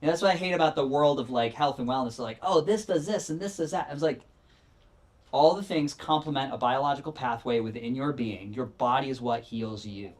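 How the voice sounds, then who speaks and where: A middle-aged man, a podcast guest, telling his story candidly in a rambling, self-correcting, animated way. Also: medium pitch, brisk.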